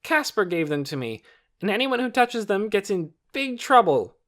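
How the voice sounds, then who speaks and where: A man voicing a bratty young boy who shouts and whines demandingly. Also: high-pitched, big pitch swings, normal speed, voice pushed up. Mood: possessive. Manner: loud, whiny and demanding.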